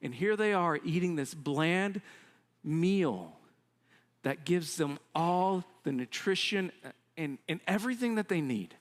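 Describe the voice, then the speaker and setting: A man's voice: on the high side, takes it slowly. A man preaching a sermon as pastor, telling the story conversationally with frequent asides and acting out the voices of the people he describes. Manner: animated storytelling, acts out quoted complaints. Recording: long hall reverb.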